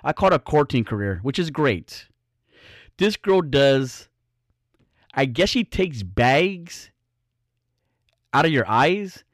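A man's voice: mid-range voice, big pitch swings, slow pace, long pauses, no room sound, clean studio sound. A man hosting his own podcast, ranting bluntly in a casual, profane, rambling way. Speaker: podcast host. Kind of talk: casual solo podcast rant.

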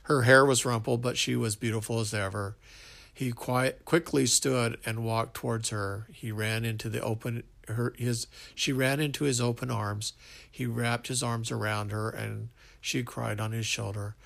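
A man's voice: medium pitch, fairly even intonation, moderate pace, vocal fry, a bit bright. A man reading a love story aloud, stumbling now and then and restarting lines. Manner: unpolished reading with slips and restarts. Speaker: narrator.

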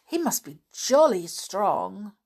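A woman reading the lines of a gentle, admiring young girl in a storybook, wide-eyed and wondering. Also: medium pitch, sing-song, takes it slowly, pitched above the performer's own voice, full character voice.

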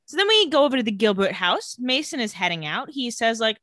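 A young woman co-hosting a podcast, casually recapping a TV episode and acting out the characters' lines in animated storytelling. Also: a little high, brisk, hardly any pauses, no echo, studio quality. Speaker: podcast co-host.

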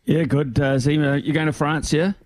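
Relaxed New Zealand radio host. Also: male voice, on the high side, moderate pace. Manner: relaxed, good-humoured, chuckling. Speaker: radio host joining from another region. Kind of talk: casual radio chat.

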